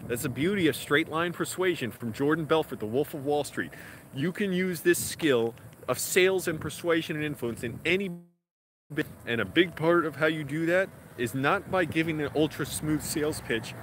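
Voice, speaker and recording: A man vlogging outdoors in a casual, rambling way, with lots of fillers. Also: medium pitch. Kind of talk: casual vlog talk. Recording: outdoor street noise behind.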